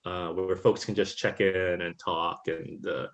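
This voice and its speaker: A man's voice: sits low, steady tone, measured pace, muffled recording, background noise. Reflective man on a video call. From Puerto Rico. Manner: reflective, conversational, says "right?" often. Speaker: guest speaker. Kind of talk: webinar talk.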